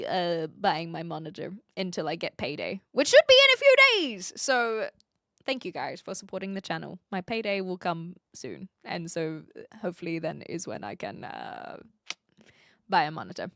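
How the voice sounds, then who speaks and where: A woman's voice: on the low side, very animated, moderate pace, fairly bright tone, no room sound, studio quality. A woman from New Zealand in her twenties with a Kiwi accent, chatting casually on a live stream and answering her chat, often laughing.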